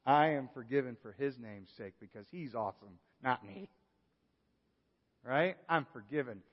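A male pastor preaching a sermon, moving from hushed, earnest passages to lively exclamations. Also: medium pitch, moderate pace. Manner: animated, swings from hushed to exclaiming. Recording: dull sound with long hall reverb.

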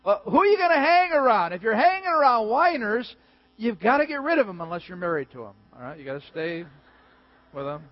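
A man preaching a sermon as a pastor, animated and emphatic with joking asides. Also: very high-pitched, a little fast, no echo. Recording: dull, dry recording.

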